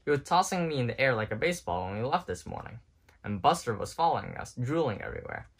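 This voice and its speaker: A man's voice: medium pitch, sing-song, quick pace, creaky, breathy edge, heavily acted. A man voicing a cheerful, proud male piggy bank toy in a storybook reading, chatty and easygoing.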